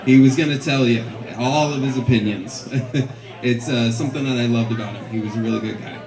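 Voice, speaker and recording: A man's voice: medium pitch, fairly quick, darkish tone. A man giving a eulogy at a memorial, speaking with wry, joking humor. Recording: echoey hall with crowd.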